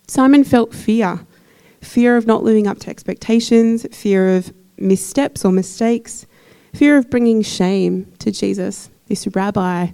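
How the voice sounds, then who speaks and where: A woman's voice: medium pitch, measured pace, creaky, dark tone, clean tone. A woman giving a conversational sermon in church, putting questions to the congregation. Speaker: preacher.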